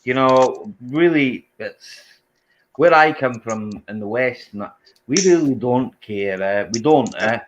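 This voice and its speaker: A man from the Scottish Highlands with a Highland accent, chatting in a relaxed, drawling way and ending his phrases with tag questions. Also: measured pace, lo-fi sound. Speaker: co-host. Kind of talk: casual chat.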